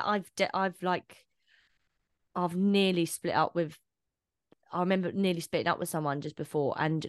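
A young woman co-hosting a podcast in casual chat, animated and sweary, laughing often and restarting her sentences. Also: lowish voice, no room sound, studio quality. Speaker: podcast co-host.

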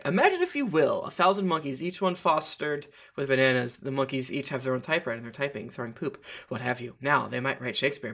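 Bright, high-ish male podcast host. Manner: playful, reads reviews with jokey asides. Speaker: podcast host reading listener reviews. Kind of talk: casual podcast banter and reading aloud.

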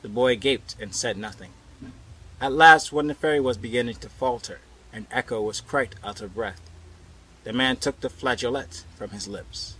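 A man narrating a storybook tale in a measured, unhurried way. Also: mid-range voice, fairly bright tone, husky, low-quality recording.

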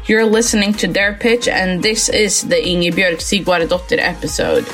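A woman's voice: on the low side, animated, moderate pace, a bit bright, soft background music. Upbeat woman podcast host. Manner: upbeat and friendly, reads player bio. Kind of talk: podcast interview, partly read intro.

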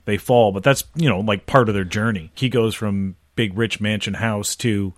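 A man casually chatting through a film commentary, relaxed and swearing, now and then joking in characters' voices. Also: fairly low pitch, moderate pace, no echo, clean studio sound. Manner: laid-back, swearing, does jokey voices of characters. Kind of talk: casual movie commentary chat.

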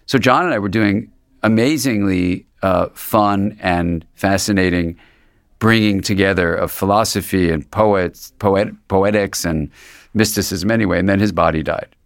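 A man's voice: deep voice, a little slow, smooth, dry recording, studio quality. A man, a psychiatrist being interviewed, talking in a thoughtful, meandering way with frequent restarts. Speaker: psychiatrist and guest. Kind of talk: reflective conversational interview.

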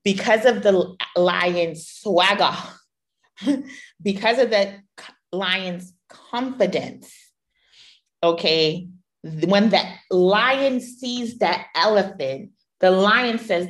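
A woman's voice: medium pitch, extremely slow. A middle-aged woman hosting a podcast, telling personal stories in a candid, playful and emphatic way. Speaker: podcast host. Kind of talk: personal storytelling monologue.

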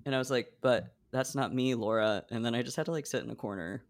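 A man's voice: medium pitch, quick pace. A man from Oregon hosting a podcast, chatty and storytelling, with hesitant restarts. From Oregon, USA. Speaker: podcast host. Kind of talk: casual chat.

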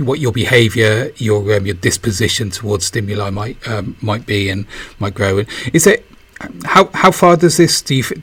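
A man hosting a podcast, asking long questions in a hesitant, halting way full of fillers. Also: lowish voice, husky. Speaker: podcast host. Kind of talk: interview questions.

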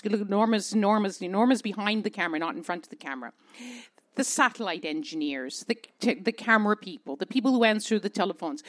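A Canadian woman journalist telling stories on a panel, expressive, repeating words for emphasis. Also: medium pitch. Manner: expressive, repeats words, acts out quoted voices. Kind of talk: animated storytelling on a panel.

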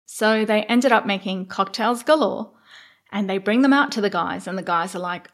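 A woman's voice: medium pitch, normal speed. A middle-aged woman hosts her own show and tells a personal story straight to the listener. She is candid and casual, and now and then she swears. When she replays what she was thinking at the time, her voice rises. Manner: candid, animated when reliving her thoughts, occasional swearing. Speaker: podcast host sharing a personal story.

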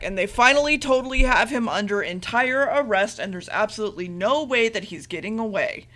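Bright-voiced woman recapping casually. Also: mid-range voice, brisk, few pauses. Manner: rambling, swears freely, acts out quotes in a loose offhand way. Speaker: podcast co-host.

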